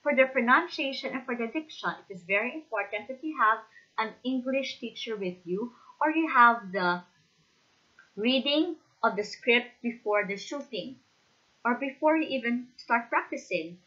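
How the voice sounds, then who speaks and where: A woman with a Filipino accent lectures in a bright, fairly high voice, stressing her points and pausing to ask "okay?" The recording is a bit dull and lo-fi. It sounds like a teacher giving a practical training talk. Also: lively intonation. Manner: emphatic, repeats "okay?" to check understanding. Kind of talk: instructional lecture.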